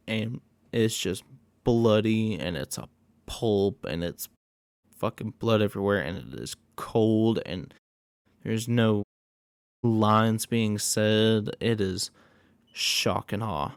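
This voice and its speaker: A man's voice: lowish voice, takes it slowly, gravelly, clean tone, no room sound, clean studio sound. A man giving a casual, rambling, profane recap of a horror movie plot. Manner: rambling, profane, animated storytelling.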